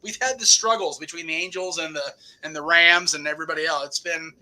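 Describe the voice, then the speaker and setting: Bright-voiced talk host telling stories. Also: male voice, on the high side, fairly even intonation, brisk, low-quality recording. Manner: rambling storyteller with many restarts and fillers. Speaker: podcast host. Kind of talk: casual reminiscing chat.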